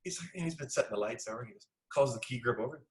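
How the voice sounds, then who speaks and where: Middle-aged male director, interview guest, animated raconteur who acts out every quoted line, mid-pitched voice. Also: racing, low-quality recording. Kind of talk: casual interview storytelling.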